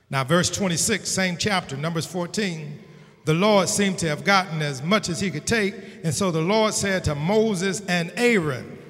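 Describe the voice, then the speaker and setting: A man preaching a sermon as pastor, building to shouted emphasis with a call-and-response cadence. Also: high voice. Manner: preaching with rising, shouted emphasis and Southern Black church cadence. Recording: long hall reverb.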